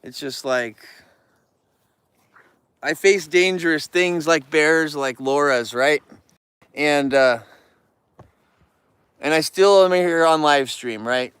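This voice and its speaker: A man's voice: a little high, slow pace, long pauses, fairly bright tone, clear, resonant tone, dry recording. A man live-streaming outdoors near bears, ranting about rude viewers and scolding the animals in a rambling chat.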